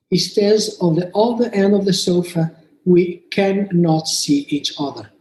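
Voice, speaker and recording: Slow, high-voiced man presenting a case. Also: animated, darkish tone, echoey room, rough recording. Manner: slow and measured, raises pitch for quoted child-play lines. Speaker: conference speaker, clinician. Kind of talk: reading a prepared case presentation.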